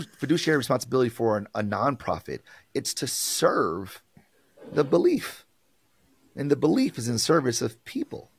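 A man's voice: mid-range voice, breathy edge, no room sound. A man, a marketing professor, talking with passion on a podcast and acting out quoted exchanges. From United States. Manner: animated, preachy, acts out quoted exchanges.

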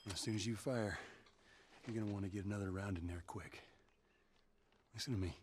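Guy voicing a gruff protective survivor dude, super low voice, short blunt orders, bit of game hiss. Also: brisk, natural voice. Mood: instructing. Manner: blunt, commanding instructions. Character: gruff middle-aged male survivor, protective and terse.

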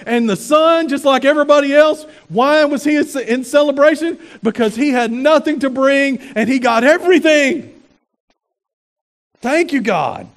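A male pastor preaching a sermon in an animated way, asking the congregation rhetorical questions. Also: very high voice, a little slow.

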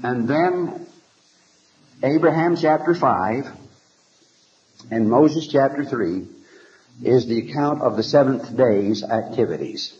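Man lecturing a class on scripture, mellow, asks his listeners rhetorical questions, faint tape hiss. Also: medium pitch, expressive, highs cut off. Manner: halting, repeats words while thinking. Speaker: religious lecturer.

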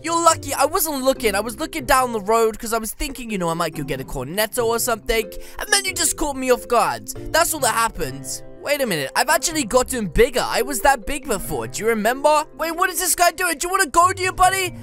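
Excitable high-voiced woman gaming. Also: fairly quick, few pauses, soft background music. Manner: excitable, playful mock trash talk. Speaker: gaming YouTuber. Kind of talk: excited gameplay commentary.

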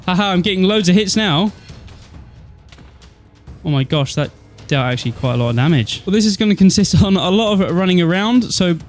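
A man giving excitable, nervous let's-play commentary, exclaiming and talking to himself as he plays. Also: sits high, brisk, pauses often, faint music behind. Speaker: gaming YouTuber.

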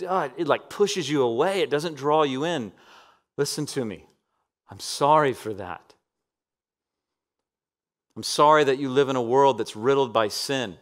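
A man in his thirties preaching a sermon as pastor, impassioned, swinging between loud emphatic lines and soft, hushed asides. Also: medium pitch.

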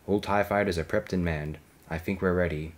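A man plays a dutiful middle-aged starship captain reporting to his superior. He speaks formally, pitched a touch above his low narrating voice. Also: steady tone, fairly quick, close to an everyday voice.

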